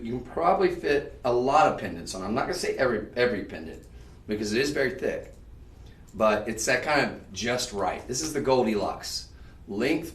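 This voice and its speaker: A man hosting a live jewelry sales show, chatty and upbeat, pitching prices and calling out to the ladies and folks watching. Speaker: shopping channel jewelry host. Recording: echoey room, voice from a distance.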